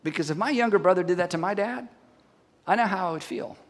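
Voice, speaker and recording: A man preaching a sermon as a pastor, retelling a story with animated delivery and putting questions to his audience. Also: high-pitched, fast. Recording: long hall reverb.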